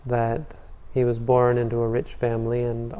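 A man teaching meditation in a Buddhist dharma talk, with calm storytelling. His voice is mellow and dark. He often restarts and repeats words, and the sound trails off into a long hall reverb. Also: mid-range voice, normal speed, smooth, lo-fi sound.

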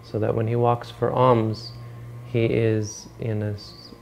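A man giving a dharma talk, retelling a story in a relaxed, rambling way and correcting himself as he goes. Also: lowish voice, slow pace, vocal fry, slight background noise. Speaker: meditation teacher.

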